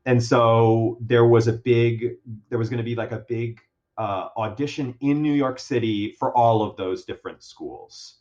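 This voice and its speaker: A man's voice: mid-range voice, steady tone, a little slow, darkish tone, muffled recording. A man speaking as a guest in a casual interview. He tells a story at length, with many fillers and restarts, and laughs often. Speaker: guest actor.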